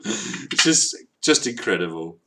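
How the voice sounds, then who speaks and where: A man's voice: medium pitch, huge pitch swings, measured pace, sharp tone. A man chatting casually on a live call, hesitant and full of ums and restarts. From England. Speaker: host.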